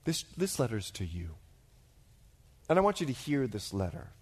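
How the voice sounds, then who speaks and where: A middle-aged male pastor preaching a sermon as an animated storyteller, dropping to a hush and then rising to loud, excited bursts. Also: mid-range voice, moderate pace, slightly rough. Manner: animated storyteller, swings from hushed to shouting.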